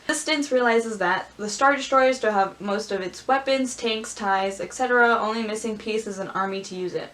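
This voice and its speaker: A woman vlogger reading aloud and chatting casually, gushing and squealing with excitement. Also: fairly high pitch, brisk, hardly any pauses. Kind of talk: casual script-reading commentary.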